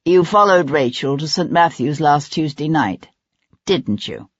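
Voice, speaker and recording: An audiobook reader voicing a sharp-tongued nobleman investigator who probes with cold, relentless accusations, in a dry, slightly dull recording. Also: a little high, animated, unhurried, dry recording. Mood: accusing.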